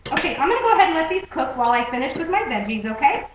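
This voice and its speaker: Young woman, bright high voice, casual cooking host who keeps checking in with "okay?", taped in a roomy kitchen with faint hiss. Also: sing-song, very fast. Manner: chatty, repeats "okay?" and "guys". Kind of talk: casual home cooking demonstration. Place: home kitchen. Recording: echoey, dull home video recording.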